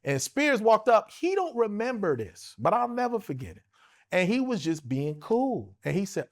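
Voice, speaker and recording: A man in his forties spins a wild, profane story in casual talk. His voice sits fairly high for a man and swings widely in pitch, with a gravelly rasp running under it. He drops into other people's voices as he recounts what they said. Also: normal speed. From United States. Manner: animated, profane, acts out other people's lines. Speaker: interview guest, actor.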